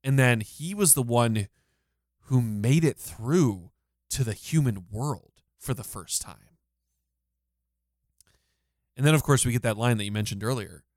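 A man's voice: mid-range voice, animated, a little slow, long pauses, darkish tone, no echo. A man co-hosting a podcast, retelling a scene in close detail with enthusiasm. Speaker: podcast co-host. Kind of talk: casual recap discussion.

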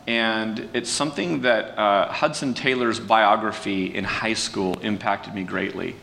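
A man preaching in a relaxed, conversational way, folksy and self-deprecating, with restarts and fillers. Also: measured pace, creaky, hardly any pauses. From California. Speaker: pastor. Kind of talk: conversational sermon talk. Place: church sanctuary. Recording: distant mic with long hall reverb and faint rumble.

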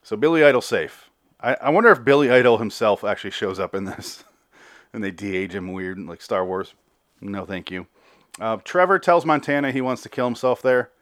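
On his podcast, a man with a lowish, fairly bright voice speaks at normal speed as he casually reviews a TV episode, out of breath and swearing. He rambles and repeats words when restarting; the recording is clean studio sound without echo.

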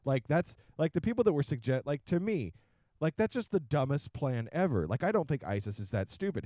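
A man's voice: a little high, very animated, a little fast, dark tone, dry recording. A man co-hosting a podcast, ranting casually and slipping into mock voices. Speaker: podcast co-host. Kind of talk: casual chat.

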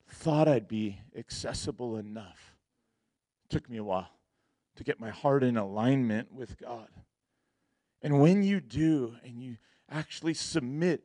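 A man's voice: medium pitch, mellow, no room sound, clean studio sound. Laughing casual man preaching a sermon. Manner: laughing often, casual slang, quotes himself in dialogue. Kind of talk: sermon storytelling.

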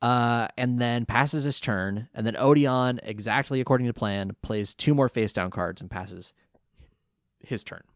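A man's voice: mid-range voice, measured pace, no room sound, clean studio sound. A man in his twenties co-hosting a casual podcast, recapping an anime episode and acting out quotes as he tells it. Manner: animated storytelling, acts out quotes. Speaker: podcast co-host.

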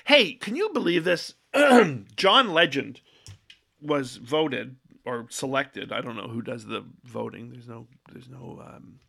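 Man in his 40s, gravelly, self-deprecating solo host who wanders off topic and drifts off mic. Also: mid-range voice, sing-song, takes it slowly, sharp tone. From Canada. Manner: meandering, self-deprecating, loses his train of thought, swears casually. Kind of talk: rambling casual monologue. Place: office. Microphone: own microphone, sometimes moves off it.

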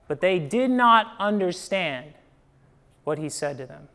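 High, smooth-voiced preacher man from Ohio. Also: animated, unhurried, pauses often. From Midwest US, Ohio. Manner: conversational storytelling, frequent "right?", emphatic swells and quiet drops. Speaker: pastor. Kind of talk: sermon.

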